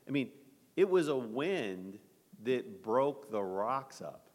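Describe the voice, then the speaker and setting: A man's voice: mid-range voice, big pitch swings, takes it slowly, big-room sound. A man leading a Bible study, talking conversationally and asking his group questions.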